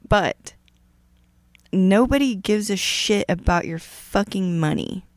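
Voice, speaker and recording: A woman co-hosting a podcast in casual chat, blunt and animated, swearing a lot. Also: mid-range voice, takes it slowly, no echo, clean studio sound. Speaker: podcast co-host.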